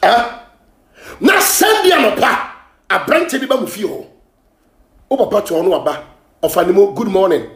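A Ghanaian man hosting a gossip show, ranting and scolding in heated commentary, often shouting, switching between Twi and English. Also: high voice, wildly swooping pitch, moderate pace, pauses often, echoey room.

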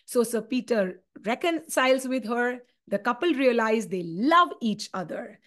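A woman teacher with an Indian English accent retelling a play in an animated exam-prep lecture, dropping in Hindi asides. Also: a little high, measured pace. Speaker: literature teacher.

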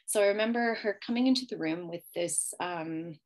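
A woman's voice: fairly low pitch, normal speed. A woman hosting a podcast, candidly telling her own story with emotion and many fillers. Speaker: podcast host. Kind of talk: personal storytelling monologue.

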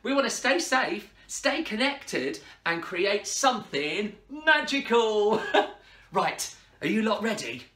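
A woman's voice: mid-range voice, big pitch swings, slow pace. A young adult woman hosting a children's party show, playful and giggly, calling out prompts for the kids to answer. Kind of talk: energetic kids' show hosting. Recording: echoey room with loud music.

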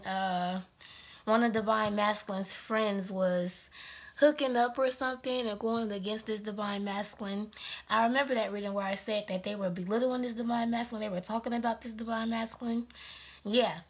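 A woman's voice: a little high, fairly even intonation, normal speed. Woman, tarot reader, casual rambling monologue, a bit out of breath, laughs a lot. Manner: chatty and rambling, laughs often.

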